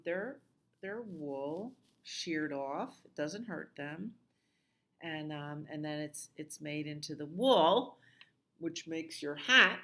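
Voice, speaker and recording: A middle-aged woman librarian leading a children's storytime, reading a picture book and singing in a slow, sing-song voice that leaps high on the repeated calls. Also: fairly bright tone.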